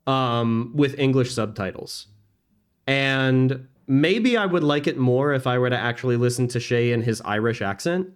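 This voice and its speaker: A man's voice: medium pitch, clean tone. A man streaming a video game, chatting casually and enthusiastically, with lots of fillers and restarts. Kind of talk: casual chat while gaming.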